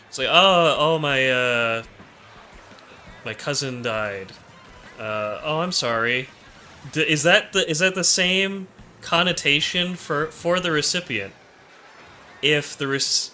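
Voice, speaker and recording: Bright-voiced rambling man. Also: fairly high pitch. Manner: rambling, absurd hypotheticals, laughs often. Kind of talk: casual comedic chat.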